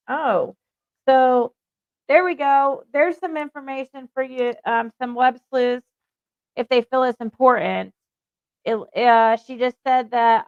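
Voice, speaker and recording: A woman with a fairly high, gravelly voice chats casually and hesitantly as she reads text messages aloud and answers her viewers. Her tone is smooth and crisp, and the room sound is dry. The audio is tinny and thin, like a phone line. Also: slow pace, dry recording. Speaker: online commentator.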